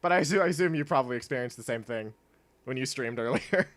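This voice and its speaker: A man's voice: medium pitch, fast, fairly bright tone. A young man chatting casually while streaming a video game, rambling with lots of fillers and laughing often. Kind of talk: casual gameplay stream chat.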